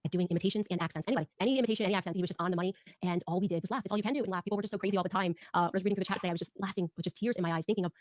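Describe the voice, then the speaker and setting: A woman rattles off anecdotes at breakneck speed in a low-set voice. She is animated and often slips into imitations when quoting people. The sound is dry and close to the mic. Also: no room sound. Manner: rapid, animated, mimics others in quotes. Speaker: speaker telling personal stories. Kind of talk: recorded personal storytelling.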